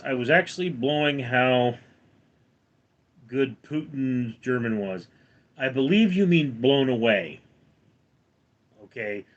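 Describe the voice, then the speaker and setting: A middle-aged man with a General American accent hosting a casual livestream, reading out chat comments and answering them at a measured pace. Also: medium pitch, dull audio. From United States. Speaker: livestream host.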